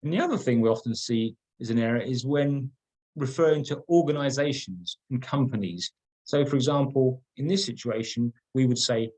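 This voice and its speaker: Husky middle-aged man giving a workshop. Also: mid-range voice, moderate pace, darkish tone, poor audio. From England. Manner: conversational, repeats words, emphatic on key points. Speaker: workshop trainer. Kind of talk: online training presentation.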